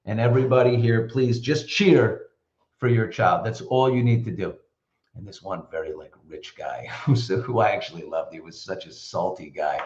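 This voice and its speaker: A middle-aged man hosting a casual live show, telling stories in an animated, opinionated way. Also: on the low side, moderate pace, roomy sound, highs cut off. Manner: chatty storyteller, animated and opinionated. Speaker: host. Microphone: computer mic.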